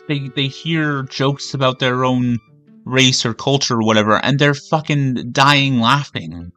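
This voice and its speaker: A Canadian man streams a game and goes on a rambling, heavily profane rant. His voice is bright and sits a little high for a man. Faint game music plays behind him. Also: no room sound. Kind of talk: ranting commentary over a game.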